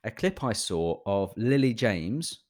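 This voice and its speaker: An English man co-hosting a podcast, chatting casually with laughs and halting restarts. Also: on the low side, very animated, a little mellow. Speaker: podcast co-host. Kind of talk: casual chat.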